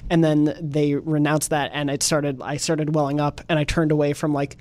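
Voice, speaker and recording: Animated young man hosting a podcast. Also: a little high, moderate pace. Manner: animated, laughs often while telling stories. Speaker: podcast host. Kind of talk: casual group chat.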